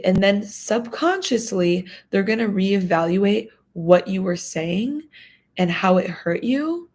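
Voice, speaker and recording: A woman's voice: medium pitch, vocal fry, a little mellow. A young adult woman giving firm, emphatic advice straight to camera, repeating her key points. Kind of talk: direct-to-camera advice talk.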